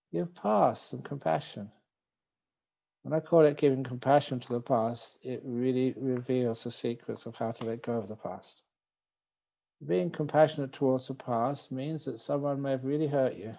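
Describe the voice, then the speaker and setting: A Buddhist monk gives a relaxed, gently humorous dharma talk, telling a story in a mellow, unforced voice. The recording is dull and lo-fi. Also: male voice, mid-range voice, creaky. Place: retreat talk.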